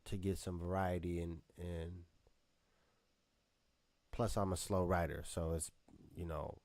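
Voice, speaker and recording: Rambling low-voiced man on a call. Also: level tone, a little mellow, dry recording. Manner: rambling, halting, easygoing. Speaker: podcast co-host and rapper. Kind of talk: casual chat on a live video call. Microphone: webcam video call.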